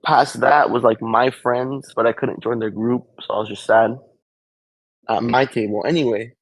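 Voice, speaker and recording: A young man, a podcast co-host, with a gravelly, husky voice and animated, swaggering slang banter. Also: medium pitch, normal speed, no room sound. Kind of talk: casual chat.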